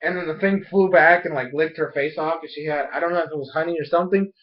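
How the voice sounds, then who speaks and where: High-voiced young man rambling a recap. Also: fast. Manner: rambling, filler-heavy, excitable. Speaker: TV episode reviewer. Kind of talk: casual episode recap. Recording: dull lo-fi home recording.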